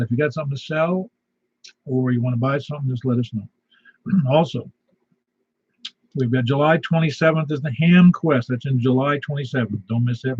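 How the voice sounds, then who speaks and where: A man with a slight lisp runs a casual radio net, rambling through announcements in a husky, breathy voice. The audio is dull and lo-fi, like a radio feed. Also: mid-range voice, darkish tone, no echo. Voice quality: slight lisp from a missing tooth. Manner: folksy, rambling announcements with fillers. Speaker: net control host.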